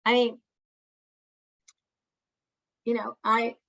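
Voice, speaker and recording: A woman's voice: on the high side, monotone, very slow, vocal fry, a bit bright, highs cut off. A woman family therapist giving an educational talk, speaking earnestly with frequent restarts and acting out things a parent might say. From Italian family. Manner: earnest, repeats words and restarts, acts out parent phrases.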